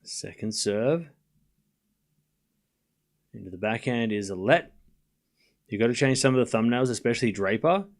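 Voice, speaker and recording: A man's voice: medium pitch, animated, normal speed, pauses often. A man hosting a live tennis watchalong stream, calling the score and chatting casually with his viewers between points. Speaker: livestream host.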